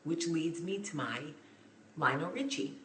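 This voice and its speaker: Woman gushing a story on a phone stream, low voice, echoey apartment. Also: unhurried, slight background noise. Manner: excitable, gushing, speeds up and gets loud as story builds. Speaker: vlog host. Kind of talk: casual storytelling to viewers. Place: friend's apartment indoors. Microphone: phone live stream. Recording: echoey room.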